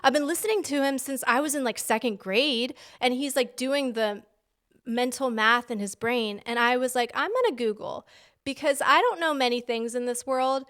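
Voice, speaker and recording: A woman co-hosting a podcast in casual chat, telling animated stories and acting out quotes. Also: sits high, moderate pace. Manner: animated storyteller, acts out quotes. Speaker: podcast co-host. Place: home basement.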